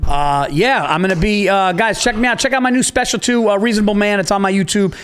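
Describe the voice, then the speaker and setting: A male comedian guest talks casually on a podcast in a notably high voice. He tells his stories with animation and reads off his tour dates in a plain, chatty way. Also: fast, fairly bright tone, clear, resonant tone.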